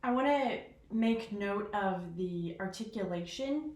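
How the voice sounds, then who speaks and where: A woman talking casually through how she practices a piano piece, chatty and self-deprecating, counting rhythms out loud. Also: medium pitch, animated, measured pace, a little hiss or hum. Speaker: piano teacher. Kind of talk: casual piano lesson vlog. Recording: echoey room with piano. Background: piano playing.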